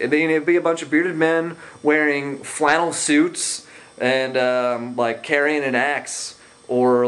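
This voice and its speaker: A young man ranting casually to a camera at a medium pitch. He sounds sarcastic and rambling, with plenty of fillers and hesitations. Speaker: vlogger. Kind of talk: casual rant.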